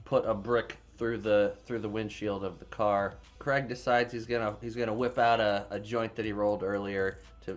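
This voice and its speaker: A man casually retelling a movie plot in a rambling, profane, filler-heavy way. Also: fairly low pitch. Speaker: movie reviewer. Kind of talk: casual spoiler recap.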